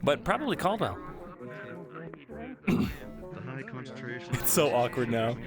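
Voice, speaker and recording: A man role-playing in character, talking with teammates in an animated, caring and slightly bossy way. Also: medium pitch, slow pace. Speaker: role-play player. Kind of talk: in-character role-play chat. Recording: music playing behind.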